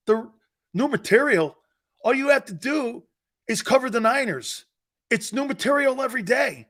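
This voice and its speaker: High-pitched, animated sports talk host. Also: male voice, normal speed. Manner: teasing, joking, often laughing, responds to chat. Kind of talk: live sports talk show banter.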